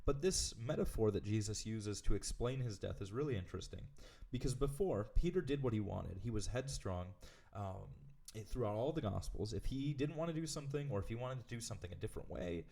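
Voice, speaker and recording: A man reading scripture aloud, then explaining it in a relaxed, chatty way with plenty of fillers. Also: fairly low pitch, fairly quick, vocal fry. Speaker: devotional leader. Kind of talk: scripture reading and casual commentary.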